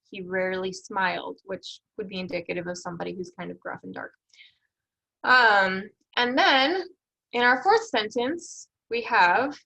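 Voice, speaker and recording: This research development instructor's lecture on editing proposals comes through a rough recording; her medium-pitched voice is fairly bright and carries vocal fry. She walks through the material step by step, leaning on rhetorical questions and plenty of fillers.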